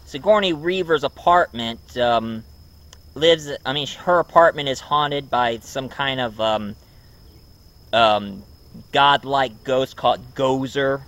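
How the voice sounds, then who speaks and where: A man's voice: medium pitch, takes it slowly, a bit bright. A man casually reviewing a movie at home, rambling with many ums and uhs. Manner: rambling, full of ums and uhs, chuckles often.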